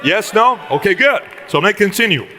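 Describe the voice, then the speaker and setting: A man's voice: high voice, big pitch swings, quick pace, pushed and bright, big-room sound, a little hiss or hum. A man giving a live motivational speech to a room, punchy and full of rhetorical questions. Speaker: motivational speaker.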